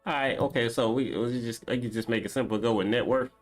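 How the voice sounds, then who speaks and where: A man's voice: mid-range voice, steady tone, quick pace, faint music behind. A man streaming a game, chatting casually and reading viewer comments aloud as he banters with them. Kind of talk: casual live-stream chat.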